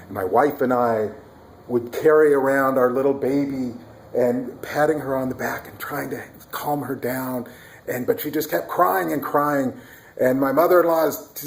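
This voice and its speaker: A man's voice: medium pitch, normal speed, creaky, a little hiss or hum. A man casually telling a personal story about his mother-in-law, at times demonstrating sounds and whispering to explain.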